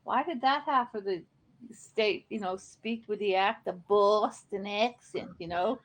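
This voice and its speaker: A woman's voice: medium pitch, a little slow, dull audio. A chatty woman from New England on a live stream, laughing often. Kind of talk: casual live-stream chat.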